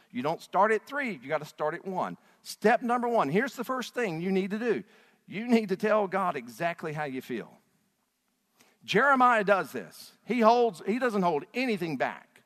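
Passionate man preaching a sermon, fairly high voice, big reverby hall. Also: very animated, normal speed. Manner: impassioned, swinging between loud and hushed. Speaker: pastor.

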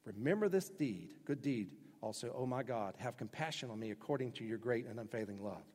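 Pastor, male, husky and a touch high, emphatic sermon delivery in a reverberant hall. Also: animated, fairly quick. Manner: emphatic preaching with sudden loud acted-out quotes.

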